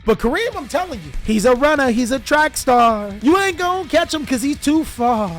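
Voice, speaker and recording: A man telling a comedic childhood story in an animated, slangy way, talking straight to viewers. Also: extremely high pitch, normal speed, soft background music. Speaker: YouTuber storyteller.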